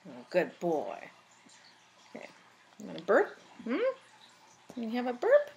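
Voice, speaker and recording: A woman's voice: a little high, huge pitch swings, unhurried, vocal fry, a little mellow, a little hiss or hum. A woman at home cooing at her young pets in sing-song baby talk while feeding them. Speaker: pet owner. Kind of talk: home video, talking to pets.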